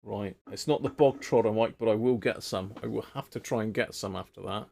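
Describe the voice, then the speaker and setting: Gravelly low-voiced man chatting live. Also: fairly quick, darkish tone. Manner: thinking aloud, rambling with fillers, chatting to viewers. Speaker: radio repair livestream host. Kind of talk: casual live-stream chat while repairing.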